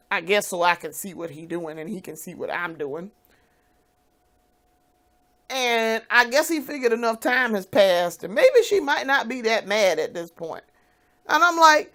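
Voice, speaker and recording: A woman speaking straight to her viewers in a venting vlog, her voice sitting a touch high. She is blunt and foul-mouthed, and she drifts between hushed, hesitant musing and loud, fiery outbursts. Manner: fiery, profane, blunt ranting. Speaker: vlogger.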